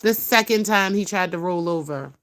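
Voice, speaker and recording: A woman's voice: fairly low pitch, moderate pace, a bit bright, no room sound. Blunt, profane woman ranting on a livestream. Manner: blunt, profane, talks to her cat and viewers. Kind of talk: casual livestream rant.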